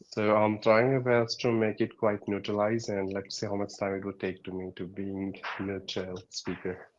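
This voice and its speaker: A man's voice: lowish voice, flat delivery, moderate pace, highs cut off. Hesitant man with a mixed Indian accent. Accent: mixed Indian, American and British English. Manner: hesitant, frequent "uh" fillers, polite. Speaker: learner. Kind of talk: online coaching session.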